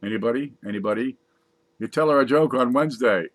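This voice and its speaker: A man's voice: mid-range voice, fast, fairly bright tone, a little hiss or hum. A man casually reading jokes aloud, laughing at his own punchlines and adding wry asides. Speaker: comedy joke reader.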